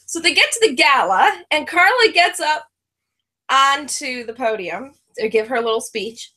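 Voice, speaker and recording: A woman co-hosting a reality TV review show, chatting casually and rambling, laughing often and using lots of "like" and "um". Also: moderate pace. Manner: mimics others in a high, excited voice when retelling. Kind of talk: casual chat.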